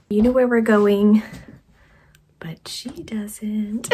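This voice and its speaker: Woman craft vlogger, warm dark tone, chatty with whispered asides. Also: medium pitch, fairly even intonation, husky. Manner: chatty, laughs often, drops into quick whispered asides. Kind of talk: casual vlog chat.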